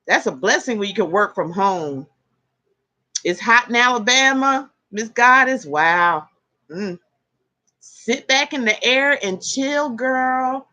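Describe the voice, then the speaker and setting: This tarot reader's voice is fairly high and sharp, with lively intonation and a slow pace. Hosting a casual livestream from a room at home where an air conditioner and fans run, she chats, laughs a lot and says hello to viewers by name.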